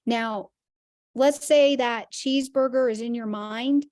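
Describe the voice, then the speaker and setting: A woman's voice: fairly high pitch, fairly even intonation, takes it slowly, darkish tone, dry recording, studio quality. A woman teaching a Christian health class, earnest and emphatic, using vivid everyday examples.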